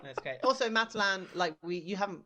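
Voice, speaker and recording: A man co-hosting a casual podcast, playful and upbeat, teasing his co-host and giving shout-outs. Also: high voice, animated, fast talker, a crowd in the background. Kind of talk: casual chat.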